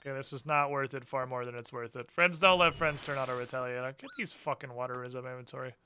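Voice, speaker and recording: A man's voice: medium pitch, fairly even intonation, quick pace, sharp tone, a little hiss or hum. A man chatting casually and sardonically on a live game stream, muttering to himself between rants. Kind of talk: casual live-stream chat while gaming.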